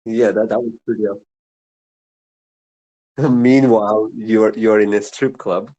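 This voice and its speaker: A man with a fairly low voice talks in a casual online group voice chat. He is laid-back and laughs easily. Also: steady tone, unhurried, dark tone, muffled recording. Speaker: voice chat participant. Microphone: online voice chat mic.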